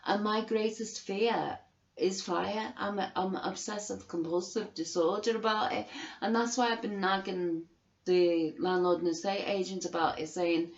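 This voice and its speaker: A woman's voice: mid-range voice, normal speed. A middle-aged woman ranting angrily to camera, outraged and swearing, hammering the same phrases again and again. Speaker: vlogger. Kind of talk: angry ranting monologue. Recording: roomy, dull lo-fi recording.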